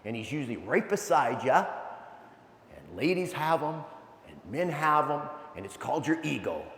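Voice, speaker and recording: A man giving an animated, energetic motivational talk, telling stories with asides to a live audience. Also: medium pitch, normal speed. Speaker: keynote speaker. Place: large event hall. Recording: echoey hall, long reverb.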